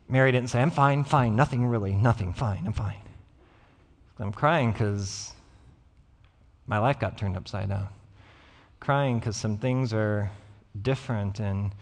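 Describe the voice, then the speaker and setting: A man, a pastor preaching a sermon, who tells stories and acts out the voices of the people in them. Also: mid-range voice. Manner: storytelling, acts out quoted voices. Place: church sanctuary. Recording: church hall reverb.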